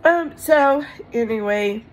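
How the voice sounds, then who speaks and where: A woman's voice: a little high, lively intonation, takes it slowly, rough recording. A woman vlogger telling a personal story in a rambling, emotional way with many fillers. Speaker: crafting channel vlogger.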